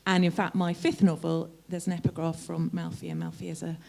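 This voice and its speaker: Gravelly-voiced woman in the audience. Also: lowish voice, level tone, a little mellow. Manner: emotional, halting and gushing. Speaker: audience member, novelist. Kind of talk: audience comment at a live talk. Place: festival audience.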